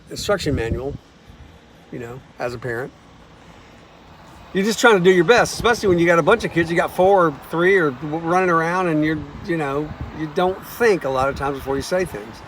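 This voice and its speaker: A man, a songwriter, telling stories in a relaxed, folksy way and acting out the voices of the people in them. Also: fairly high pitch, a little hiss or hum. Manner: folksy, acts out quoted voices. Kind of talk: casual storytelling monologue.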